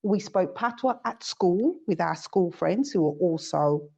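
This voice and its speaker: A woman's voice: lowish voice, animated, measured pace, vocal fry, warm tone, slightly rough. A woman from the United Kingdom, a guest sharing reflective stories in casual chat. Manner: reflective, storytelling. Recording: dull lo-fi audio.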